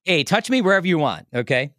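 A man's voice: fairly high pitch, fast talker, no room sound. Chatty man telling a story, dry close sound. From Milwaukee area, United States. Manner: animated, laughing, chatty with many restarts. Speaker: radio host telling a story as a podcast guest. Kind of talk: casual storytelling.

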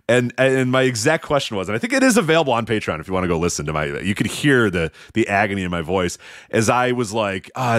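A man's voice: fairly low pitch, big pitch swings, fast, fairly bright tone, dry recording, studio quality. A man with a Chicago accent, co-hosting a wrestling podcast and telling rambling stories with frequent laughs. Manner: rambling storyteller, laughs often. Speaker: podcast co-host. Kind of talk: casual chat.

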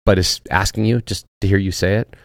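A man's voice: lowish voice, fairly even intonation, fairly quick, no echo, studio quality. A man talking as a podcast guest in casual chat, laid-back and profane, searching for his words. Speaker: podcast guest, actor and former soldier.

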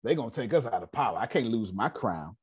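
Panicky power-clinging queen, put on by a man, husky and theatrical. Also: on the low side, sing-song, fast, pitched below the performer's own voice, heavily acted. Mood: alarmed, scheming. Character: scheming frightened queen clinging to her crown.

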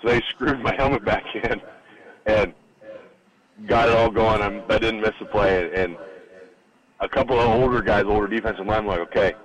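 A man's voice: lowish voice, moderate pace, pauses often, highs cut off, crowd noise. A middle-aged man, a former college football lineman, telling stories as a guest in a casual interview and acting out the lines of the people in them. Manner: animated anecdotal storyteller acting out quotes. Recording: radio broadcast studio.

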